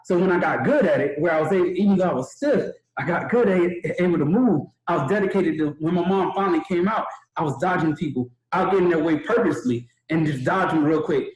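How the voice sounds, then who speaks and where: A young man tells a motivational story for a training webinar, acting out what the people in it said. His voice sits a little high, and the room around him is echoey. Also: fast, few pauses. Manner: animated, acts out quoted voices. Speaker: webinar speaker.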